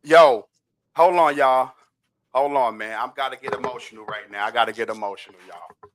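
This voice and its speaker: A man's voice: mid-range voice, normal speed, a little hiss or hum. A man hosting a podcast in casual, profane chat, hyped up as a sports fan. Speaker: podcast host.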